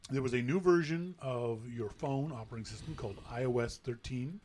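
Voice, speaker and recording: A man hosting a casual tech podcast, patiently explaining software updates and acting out quotes in an animated way. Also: medium pitch, brisk, slight background noise. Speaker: podcast host.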